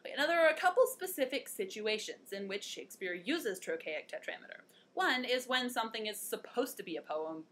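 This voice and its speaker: A woman's voice: mid-range voice, pushed and bright. A young woman hosting a one-take video lesson, chatty and playful, joking at her own puns. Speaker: host.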